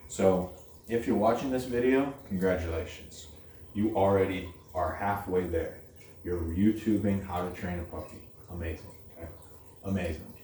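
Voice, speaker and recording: Low, mellow-voiced man training a puppy. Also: normal speed. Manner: blunt, repetitive, saying "okay?" often. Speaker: dog trainer. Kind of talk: casual instructional talk. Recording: roomy, distant camera audio with faint noise.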